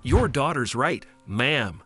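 A man voicing a gentle, humble older homeless man who speaks politely and gratefully. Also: medium pitch, animated, takes it slowly, husky, faint music behind, heavily acted.

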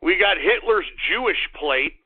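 Texan guy ranting on his internet radio show, kinda high voice, sounds like a phone line. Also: lively intonation, husky. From Texas. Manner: blustery, indignant, swings from slow drawn-out to fast ranting. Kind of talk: call-in radio talk show.

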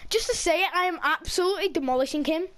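A young woman playing a football video game against a friend, trash-talking with cocky, excitable banter and frequent stammered restarts. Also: extremely high pitch, fast talker, slight background noise. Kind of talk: casual gaming chat.

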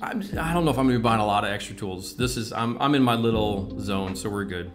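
A man from the United States, speaking quickly in a fairly low voice, hosts a casual livestream showing how he paints scale models. The talk is rambling and chatty with casual swearing, and music is clearly audible behind his voice.

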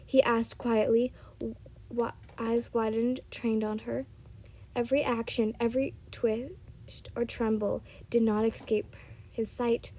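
A woman's voice: fairly high pitch, little pitch movement, slow, mellow, low-quality recording. A woman reading fan fiction aloud, often stumbling and correcting herself. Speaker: storyteller.

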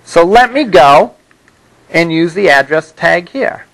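Male lecturer with a high voice, patient and explanatory, classroom lecture recording. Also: animated, slow pace, gravelly, a bit bright, poor audio. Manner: explanatory, repeats "all right?" to check understanding. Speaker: college instructor.

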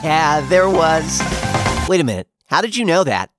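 A man's voice: fairly high pitch, big pitch swings, normal speed, music in the background. A man voicing a boastful, theatrical young hero in a cartoon. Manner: theatrical, bragging. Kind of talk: cartoon voice acting.

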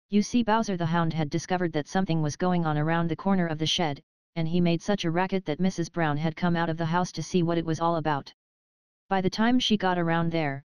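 A woman narrating a children's animal storybook audiobook in an even, measured reading. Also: lowish voice, smooth, dry recording.

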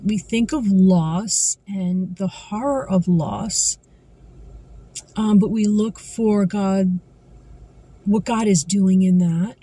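A woman giving an earnest devotional talk as a Christian vlogger, reading scripture slowly and carefully. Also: mid-range voice, dark tone, husky, rough recording.

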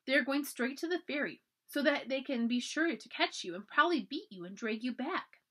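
A woman's voice: high-pitched, expressive, brisk, fairly bright tone, pitched above the performer's own voice. Woman reading a spirited, urgent colonial girl. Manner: urgent and pleading. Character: brave spirited colonial girl, about ten.

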